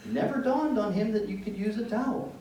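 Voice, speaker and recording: A man giving an educational talk to parents, telling anecdotes in an animated, joking way. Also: high voice, a little fast. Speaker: presenter speaking to parents. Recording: echoey room from far off, faint background noise.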